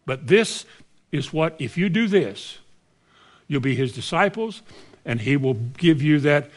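Male preacher, fairly high voice, sermon delivery full of rhetorical questions and sudden drops to quiet asides. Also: lively intonation, a little slow. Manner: rhetorical questions, rising to high exclamations and dropping to soft asides.

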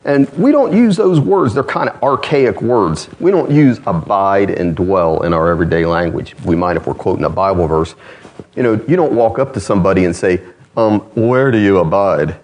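A man preaching a sermon as pastor, conversational, with self-deprecating asides and lively swings in pitch. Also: brisk.

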